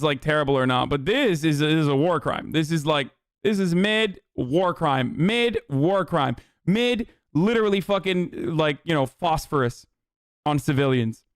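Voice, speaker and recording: A man's voice: on the high side, clear, resonant tone, no echo, clean studio sound. A male streamer giving casual, profane, rambling livestream reaction commentary. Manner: profane, animated, rambling riffs.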